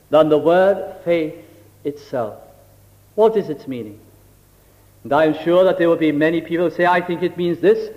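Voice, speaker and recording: Middle-aged man preaching, slow and deliberate, high voice, old dull recording with long church echo. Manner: slow, deliberate, with acted illustrations. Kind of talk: sermon.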